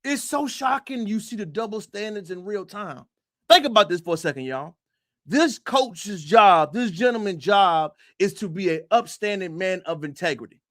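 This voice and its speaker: A high-pitched man hosts an opinionated livestream, talking straight to his viewers. He hammers points with rhetorical questions and repeated phrases and sometimes breaks into a shout. The sound is dry and close, with no room echo. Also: expressive, moderate pace. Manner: emphatic, rhetorical questions, addresses viewers directly. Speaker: livestream host.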